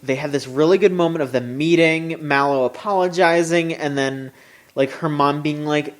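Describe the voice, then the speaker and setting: Podcast co-host, mid-range voice, excitable recap with swearing, remote call mic. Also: moderate pace. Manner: animated and swearing, pitch jumping up when excited. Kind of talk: casual chat, recapping an anime episode.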